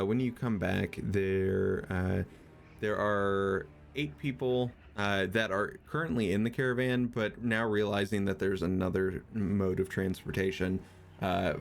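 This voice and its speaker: A man's voice: lowish voice, fairly even intonation, unhurried, gravelly. A man narrating as a tabletop game master, with a hesitant manner full of fillers.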